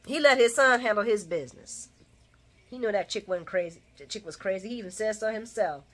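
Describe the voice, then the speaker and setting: A woman's voice: medium pitch, fairly quick. A woman hosting a casual soap opera recap, chatty and opinionated, who laughs often and talks straight to her viewers. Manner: speaks to viewers as y'all.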